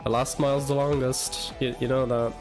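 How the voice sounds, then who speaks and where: A young man in his twenties chatting casually on a live stream, halting and rambling with stammered restarts. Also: medium pitch, flat delivery, music in the background.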